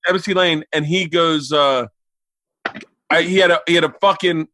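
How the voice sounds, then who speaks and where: A man on a remote call, telling family stories in a casual, animated way, cursing freely and acting out his parents. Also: a little high, normal speed, dry recording. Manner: animated, profane, acts out family members. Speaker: guest, comedian. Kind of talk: casual storytelling chat.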